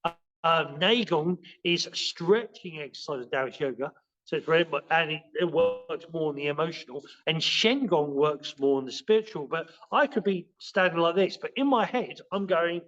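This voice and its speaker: Guy with a high voice rambling thru an explanation, lots of restarts, kinda dull lo-fi audio. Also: expressive, normal speed, fairly bright tone. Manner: rambling, with many restarts and fillers. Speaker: guest, martial arts and qigong teacher. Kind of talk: casual spoken explanation in a podcast interview.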